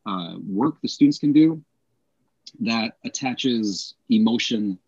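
Male co-host, husky, emphatic explainer, muffled lo-fi sound. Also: mid-range voice, animated, a little mellow. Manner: emphatic, explains with quick acted examples. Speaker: podcast co-host, English teacher. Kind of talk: casual teaching podcast chat.

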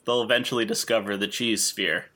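Man, podcast co-host, bright voice, rambling, crude humor. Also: lowish voice, steady tone, brisk, slight background noise. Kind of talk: casual podcast banter.

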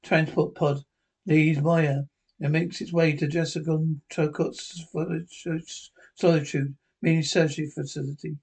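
A man narrating a podcast retelling of a TV episode, reading haltingly and often restarting phrases. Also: on the high side, darkish tone, breathy edge, poor audio.

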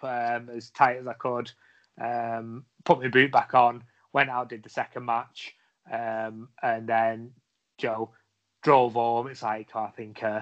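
A man's voice: mid-range voice, a bit bright. A man, a wrestler guest on a podcast, telling a long story with lots of fillers and restarts. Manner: rambling anecdotes with many fillers and restarts. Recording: dull lo-fi audio.

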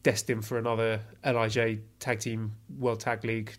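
A man's voice: lowish voice, level tone, moderate pace. A man hosting a podcast, plainly reading out listener questions and asking his guest follow-ups. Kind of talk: casual interview questions.

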